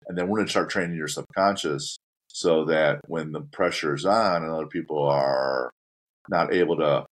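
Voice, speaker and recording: A middle-aged man hosting a podcast, talking casually in a direct, coach-like way and laying out steps plainly. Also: extremely low pitch. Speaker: podcast host.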